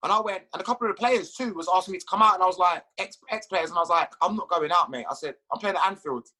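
Male guest with a raised voice, bright tone, chatty storytelling, swears, laughs at his own tales. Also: high-pitched, rapid-fire, low-quality recording. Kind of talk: casual storytelling.

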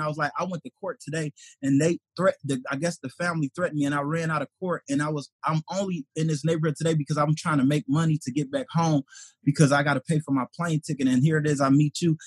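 Telling a story in conversation, a stand-up comedian from Detroit acts out the people's voices in an animated way. He has a fairly high, husky voice, and the recording has no room sound.

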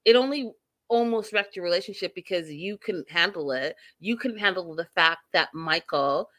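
A woman imitating a loud, aggressive, foul-mouthed woman who shrieks curses and threats. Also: fairly low pitch, moderate pace, dry recording, lightly acted. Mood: ranting.

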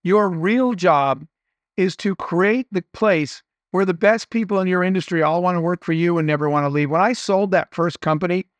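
A middle-aged man with a notably high voice speaks as an interview guest, earnest and anecdotal as he shares motivational lessons. The sound is dry and close, with no room around it. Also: moderate pace, no echo. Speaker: entrepreneur guest. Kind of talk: conversational interview storytelling.

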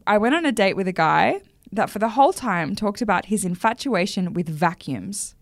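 A woman's voice: medium pitch, lively intonation, normal speed, dry recording, clean studio sound. An Australian woman co-hosting a podcast, blunt and teasing as she reads out stories. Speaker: podcast co-host. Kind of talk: casual chat.

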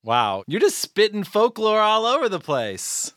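A woman's voice: medium pitch, very animated, measured pace, no room sound. A woman hosting a children's podcast, chatting playfully and encouragingly with a caller. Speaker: podcast host. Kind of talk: casual chat with a caller.

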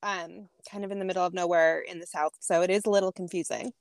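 A woman's voice: on the low side, fairly even intonation, fast talker, vocal fry, no echo. Woman, 30s, from Boston, podcast guest, chatty, dry close sound. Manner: laughs often, chatty, trailing hesitations. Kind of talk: casual interview chat.

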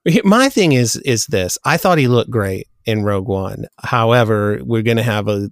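A man's voice: fairly low pitch, expressive, moderate pace, dry recording, studio quality. A man co-hosting a pop-culture podcast, friendly and rambling with hesitant restarts. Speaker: podcast co-host. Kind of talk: casual chat.

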